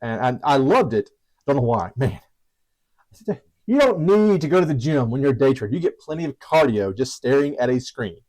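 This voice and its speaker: A man's voice: mid-range voice, big pitch swings, normal speed, a little mellow, poor audio. A man teaching about trading strategies in a casual, chatty way, self-deprecating with frequent restarts and asides. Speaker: trading educator.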